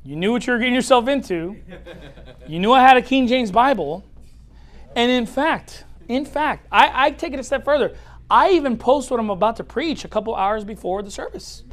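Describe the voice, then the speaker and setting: A man preaching a sermon as pastor, swinging from loud declarations to quiet asides and laughing at his own points. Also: extremely high pitch, lively intonation, moderate pace.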